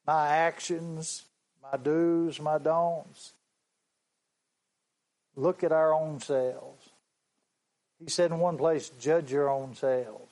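A male preacher tells a story from the pulpit at a very unhurried pace. His voice sits a little high for a man. He is earnest and often circles back to repeat a phrase. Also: steady tone, darkish tone, low-quality recording. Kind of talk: sermon storytelling.

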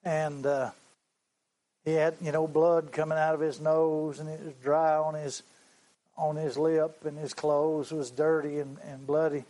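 Slow, earnest preacher. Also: male voice, on the high side, little pitch movement, warm tone, poor audio. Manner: slow, earnest, repeats phrases. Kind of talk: sermon storytelling.

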